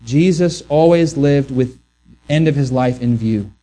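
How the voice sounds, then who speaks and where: A man's voice: medium pitch, a little slow, mellow. A man preaching a sermon earnestly, often restarting words and acting out the voices he quotes. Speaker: pastor.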